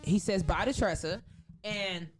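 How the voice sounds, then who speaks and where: Woman, comedian guest, casual storytelling, animated, profane, laughs a lot, acts out quotes. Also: mid-range voice, measured pace.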